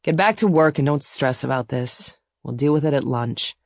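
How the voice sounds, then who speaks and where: A woman voicing a gruff young man, a hurt best friend who snaps his words. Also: medium pitch, expressive, normal speed, no room sound, clean studio sound, natural voice. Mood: curt. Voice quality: gruff, snapping.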